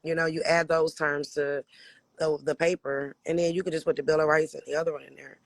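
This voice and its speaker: A man from Michigan with a raspy voice hosts a casual livestream, answering viewers' questions bluntly with frequent swearing and laughter. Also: fairly high pitch, level tone, brisk, no room sound. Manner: blunt, profane, laughs often. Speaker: livestream host.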